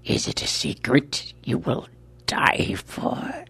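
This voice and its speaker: A man's voice: fairly high pitch, huge pitch swings, creaky, pushed and bright, husky, whispered, pitched above the performer's own voice, heavily acted. A man doing a cold, menacing giant of an attacker. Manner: slow, deliberate, menacing. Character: huge menacing male attacker, cold and taunting.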